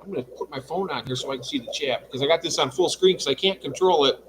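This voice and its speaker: A man's voice: on the high side, quick pace, a bit bright, slight background noise. A man hosting a casual livestream from his fish room at home, chatting and reading out viewer comments. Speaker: livestream host.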